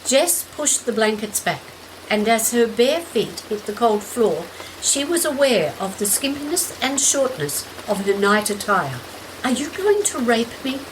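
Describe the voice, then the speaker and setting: A woman reads a short story aloud in a measured, gentle voice at a middle pitch. Steady rain is clearly heard behind her throughout. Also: noisy background. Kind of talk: scripted narration.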